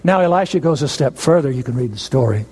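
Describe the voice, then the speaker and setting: A man preaching a sermon, telling a story emphatically with dramatic pauses. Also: medium pitch, lively intonation, a little mellow, breathy edge, in a large hall.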